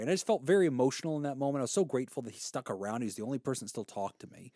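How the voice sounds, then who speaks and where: A man's voice: medium pitch, very fast, no room sound, clean studio sound. A man in his thirties, a podcast co-host, telling a personal story in casual chat and acting out the voices he quotes. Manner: animated storyteller, acts out quoted voices, laughs easily.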